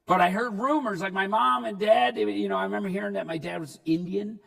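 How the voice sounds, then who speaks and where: A man giving a comedic keynote talk, telling stories in an animated way and shouting punchlines. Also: high-pitched, fast, vocal fry, recorded from a distance. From Newfoundland, Canada. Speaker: keynote speaker. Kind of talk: comedic storytelling speech. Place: large hall before an audience. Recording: reverberant hall, speaker off-mic.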